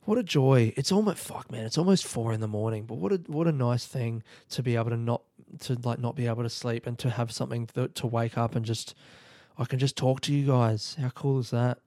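An Australian man from South Australia hosting a solo podcast late at night, talking quietly and rambling as he thinks aloud in bed. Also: mid-range voice, fairly quick, no room sound, studio quality. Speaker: podcast host and comedian. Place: bedroom at night. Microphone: own podcast mic set up in bed.

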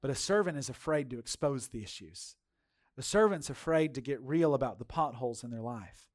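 A male pastor preaching a sermon in a folksy, animated storytelling style, speaking straight to his congregation and swinging from loud to hushed. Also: medium pitch, a little fast. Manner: folksy, addresses congregation directly.

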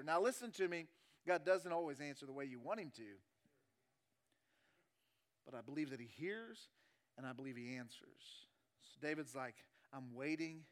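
A male pastor with a high-sitting voice preaches a sermon, shifting between loud, emphatic passages and hushed, drawn-out phrases. He repeats key lines slowly to give them weight.

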